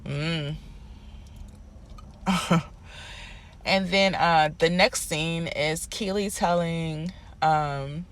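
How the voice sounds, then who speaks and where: A man's voice: a little high, very slow, pauses often, a bit bright, smooth. A man giving a casual, sassy recap rant of a TV episode, telling it in an exasperated, chatty way. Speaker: TV recap commentator.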